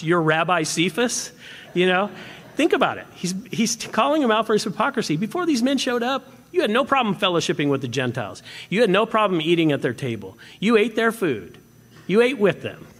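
A man preaching a sermon as pastor, animated and swinging between emphatic points and hushed moments. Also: high voice. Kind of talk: expository sermon. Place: church sanctuary. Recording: long hall reverb.

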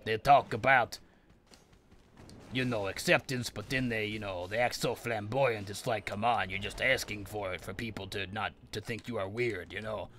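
A man's voice: lowish voice, fairly even intonation, normal speed, a bit bright, no room sound. A man narrating his own gameplay in a grumpy, swearing persona of an evil sorcerer, ranting at his helpers. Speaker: gameplay commentator. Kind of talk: in-character let's play commentary.

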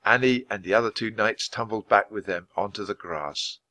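A man reading a children's chapter book aloud at a clear, measured pace for English learners. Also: fairly low pitch, sharp tone. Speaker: storybook reader.

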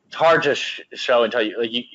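A man's voice: medium pitch, brisk, fairly bright tone, lo-fi sound. A man chatting on a podcast about a book, keen and loose in his phrasing. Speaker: podcast team member. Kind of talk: casual chat about a book.

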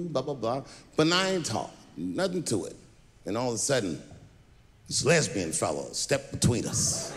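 A man performing stand-up comedy, telling stories with animated delivery and acting out voices. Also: on the high side, fairly quick, background noise. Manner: animated storytelling, acts out voices. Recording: stand-up special in a large hall with audience.

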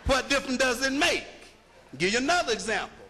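A man's voice: very high-pitched, lively intonation, quick pace, sharp tone, in a large hall. An American man giving an emphatic public lecture, firing rhetorical questions and spelling words out letter by letter.

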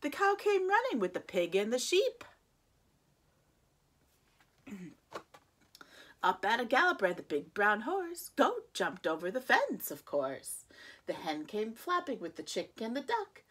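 A woman, a preschool teacher, reading a children's picture book aloud with expressive, sing-song phrasing. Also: medium pitch, a little slow, long pauses, breathy edge.

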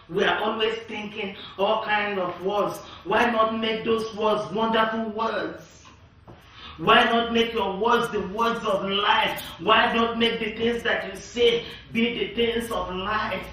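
A woman's voice: medium pitch, steady tone, slow, fairly bright tone. A woman preaching a sermon in repetitive, emphatic declarations. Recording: echoey room, distant mic.

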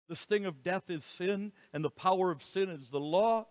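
Male pastor preaching, higher-set voice, dry close sound, soft to forceful. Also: normal speed, hardly any pauses, no room sound. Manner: preaching, swings between soft and loud emphatic lines. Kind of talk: sermon. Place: church.

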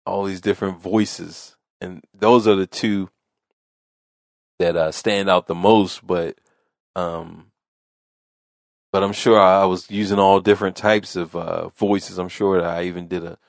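A man's voice: sits low, vocal fry, no echo, studio quality. A man hosting a podcast, telling a casual story in a rambling way that repeats phrases and restarts often. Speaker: podcast host.

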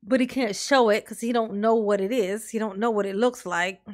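A woman's voice: mid-range voice, fairly even intonation, moderate pace. A woman hosting a reaction commentary, sarcastic and laughing, talking back at a clip. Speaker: commentary channel host.

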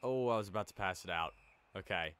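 Deep, brisk, a bit bright and smooth, this man's voice carries a chatty, meandering commentary over a hockey video game, reacting to each save as a let's play host.

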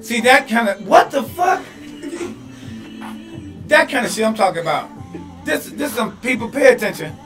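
A man co-hosting a podcast, joking loudly, laughing and exclaiming with teasing questions. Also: high-pitched, animated, fairly quick, music in the background. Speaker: podcast co-host. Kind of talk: loud joking banter.

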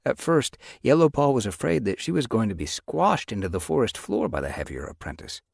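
A man narrating a children's animal novel as an audiobook, with expressive storytelling. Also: mid-range voice, brisk, gravelly, husky, no room sound, studio quality. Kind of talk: scripted narration.

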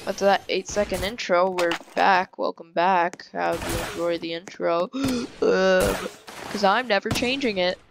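A woman hosting her gaming channel, giving casual game commentary and exclaiming excitedly at what happens on screen. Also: medium pitch, measured pace, vocal fry, background noise. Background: loud game music and gunfire.

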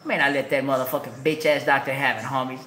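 Brief: male host, storytelling, swearing freely, mid-pitched, echoey room. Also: steady tone, fast talker. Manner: profane, loud street slang. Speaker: podcast host. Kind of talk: casual storytelling.

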